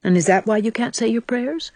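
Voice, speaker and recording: A woman voicing a gentle, patient young woman who speaks softly and low. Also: brisk, no echo, lightly acted.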